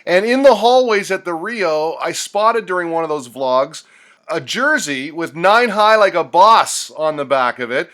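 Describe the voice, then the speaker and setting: A man asks long, winding interview questions. His voice sits slightly higher than most men's. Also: moderate pace, fairly bright tone.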